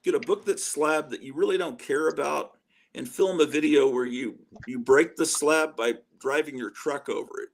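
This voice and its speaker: Gravelly-voiced man hosting a chat. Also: a little high, normal speed. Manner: joking, rambling suggestions. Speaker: show host. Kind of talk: casual video-call chat. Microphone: remote call with audio delay.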